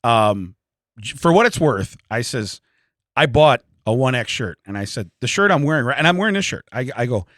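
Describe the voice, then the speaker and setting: A man's voice: medium pitch, big pitch swings, moderate pace, fairly bright tone, dry recording, clean studio sound. A man, telling a long comic story in casual podcast chat and laughing often. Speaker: podcast co-host.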